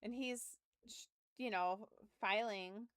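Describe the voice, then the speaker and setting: A woman's voice: mid-range voice, takes it slowly, a bit bright, clear, resonant tone, no echo. A young adult woman streaming from home, telling a story in casual chat with laughs and profanity, close to her mic. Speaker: game streamer.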